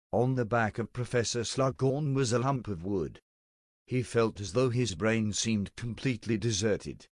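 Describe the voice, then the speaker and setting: A man narrating a storybook-style tale in a steady, deadpan reading voice, close to the mic. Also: lowish voice, no echo.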